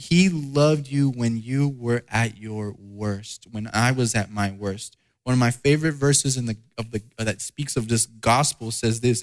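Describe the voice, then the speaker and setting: Earnest preaching man, mid-pitched. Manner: earnest, repetitive emphatic preaching with personal stories. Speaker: pastor. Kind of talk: sermon.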